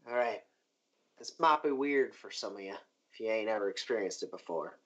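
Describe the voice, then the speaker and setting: A woman's voice: a bass voice, lively intonation, moderate pace, pitched below the performer's own voice. A man voicing Cho, a blunt female telepath. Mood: flat. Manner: terse and plain-spoken, slangy. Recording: dull lo-fi recording.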